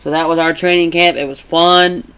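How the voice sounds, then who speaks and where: A man rambles through a casual vlog and gets animated when he retells stories. His voice sits a touch high and sounds bright and clear. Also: moderate pace. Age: adult. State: congested from allergies. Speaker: vlogger. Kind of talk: casual chat.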